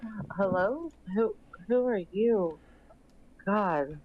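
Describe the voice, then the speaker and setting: A woman role-playing her character in a tabletop game, speaking very slowly and hesitantly as she asks question after question. Her mic sounds dull and lo-fi, and her pitch sits mid-range. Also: animated. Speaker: player.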